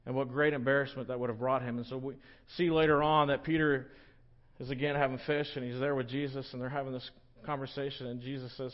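A man's voice: medium pitch, fast, lo-fi sound. Joking, conversational man preaching a sermon. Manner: conversational, joking, animated storytelling. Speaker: pastor.

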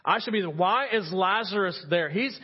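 A man's voice: high voice, fairly quick, dull audio, voice pushed up. A man voicing a desperate rich man who pleads from torment, urgent and indignant.

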